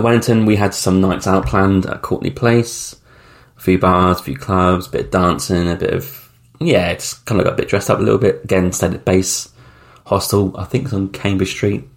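A man's voice: low voice, creaky. A man in his thirties hosting a solo podcast, telling travel stories in a rambling, chatty way with blunt slang and frequent ums. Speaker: podcast host. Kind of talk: casual solo travel storytelling.

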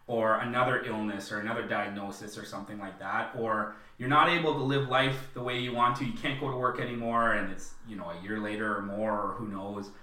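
A man co-hosting a podcast, chatting casually and acting out film lines in a high voice. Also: steady tone, fairly quick, hardly any pauses, pushed and bright. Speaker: podcast co-host. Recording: roomy, distant mic.

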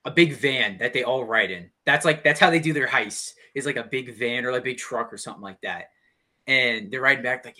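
Bright-voiced young man thinking aloud. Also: medium pitch. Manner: halting, restarts sentences while thinking aloud. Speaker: co-host. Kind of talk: casual brainstorming chat.

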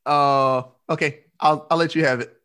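A man's voice: on the high side, moderate pace, clean tone. A man co-hosting a podcast in casual chat, rambling and acting out quotes. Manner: rambling, animated quoting. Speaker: podcast co-host.

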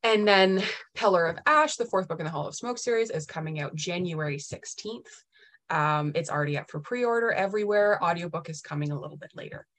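A woman's voice: fairly low pitch, lively intonation, fairly quick, fairly bright tone. A woman author as an interview guest, chatting casually and enthusiastically, with lots of "like" and "um". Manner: enthusiastic, many "like" and "um" fillers.

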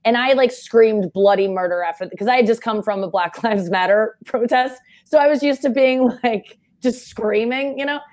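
A young woman in casual chat, telling a story fast and animatedly and shouting out the quoted lines. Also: on the high side.

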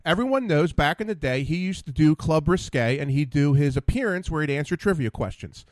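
A man hosting a podcast, telling stories in a casual, animated way and laughing often. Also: on the high side, brisk, dry recording. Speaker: podcast host. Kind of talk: casual chat, storytelling.

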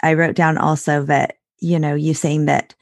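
Low, gravelly-voiced woman host. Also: little pitch movement, normal speed, no room sound, studio quality. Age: adult parent. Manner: reflective and conversational, thinks aloud. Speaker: podcast host. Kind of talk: casual interview chat.

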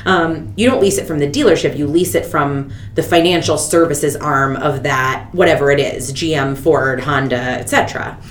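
A woman's voice: moderate pace, hardly any pauses. A woman in her thirties hosting a podcast, telling a story in casual chat and acting out the people she quotes. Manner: animated, quotes people with big pitch jumps. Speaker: podcast host. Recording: echoey room with faint rumble.

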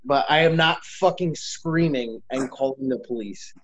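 A young man in casual podcast chat, making blunt, deadpan tough-guy jokes. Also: mid-range voice, measured pace, slight background noise. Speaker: podcast guest.

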